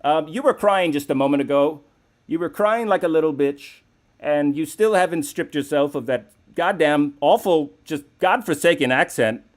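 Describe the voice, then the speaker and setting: A man's voice: fairly high pitch, normal speed. A man hosting a live call-in comedy show, talking in a brash, profane, rambling way. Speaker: host.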